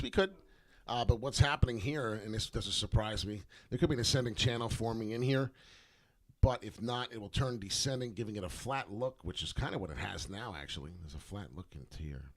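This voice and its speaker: Low-voiced rambling man on crypto charts. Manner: rambling, filler-heavy, repeats words for emphasis. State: hiccuping. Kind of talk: casual market commentary.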